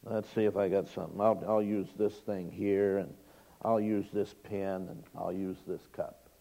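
A man's voice: low voice, level tone, moderate pace, gravelly, warm tone. A man preaching a sermon, explaining scripture with folksy stories and emphatic rises in his voice. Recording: long reverb of a large hall.

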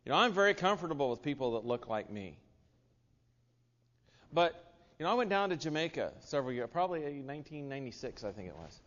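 An American man delivers an earnest sermon at a middle pitch, often restarting his sentences and dropping in asides. His voice carries a long hall reverb, and the sound is a little dull. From United States. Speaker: preacher.

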